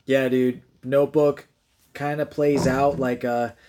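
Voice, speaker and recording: A man's voice: mid-range voice, little pitch movement, takes it slowly, darkish tone. A young man co-hosting a movie podcast, rambling casually, swearing and saying "dude" often. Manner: rambling, says "dude" a lot, profane. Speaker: podcast co-host. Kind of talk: casual movie-review chat.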